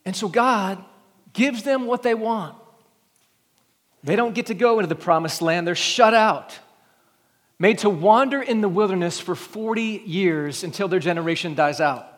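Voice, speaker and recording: Pastor, male, high voice, earnest preacher who swells for emphasis, sermon in a big echoing church. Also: moderate pace. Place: church sanctuary. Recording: long reverb of a church hall.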